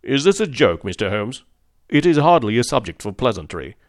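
A man's voice: mid-range voice, big pitch swings, a little fast, no echo, studio quality, lightly acted. A man voicing a stern, proud aged male nobleman who speaks in a stately, impatient way.

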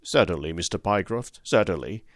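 A man voicing a panicky male company manager who strains to stay polite, his voice climbing higher as he pleads. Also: sing-song, fairly quick, no echo, studio quality. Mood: forced calm. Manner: strained, pleading, voice rising high.

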